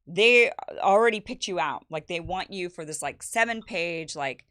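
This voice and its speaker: A young woman hosts a relaxed birthday livestream, her voice sitting a little low. She chats loosely about her life, reads viewers' messages aloud, and teases them with quick asides and laughs. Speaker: show host. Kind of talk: casual birthday livestream chat.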